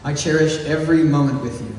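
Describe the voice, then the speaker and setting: In a large, echoey hall or gym, heard from a distance over faint noise, a young man speaks in a slightly high voice with a darkish tone. About eighteen and from East Texas, he is the valedictorian, giving a heartfelt, joking graduation speech in slow, deliberate phrases with chuckles.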